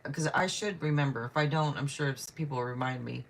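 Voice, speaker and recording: An extremely low-pitched woman talks a little fast on her tarot livestream, a light hiss or hum behind her. Chatting casually, she goes through viewer questions, says hello to people by name, and keeps apologizing.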